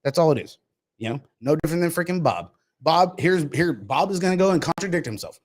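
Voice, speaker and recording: Guy ranting on his podcast, higher voice, pitch jumping all over, cussing a lot. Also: lively intonation, a little fast. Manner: profane, heated ranting. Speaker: podcast host. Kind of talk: casual chat.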